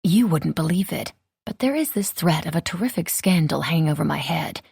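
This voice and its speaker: A contrary, spirited young lady of a romance audiobook, voiced by a woman narrator. She teases wryly in a low, gravelly tone. The sound is close and dry. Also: lively intonation, fairly quick, darkish tone, dry recording, exaggerated voice. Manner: wry, teasing. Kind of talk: audiobook character reading.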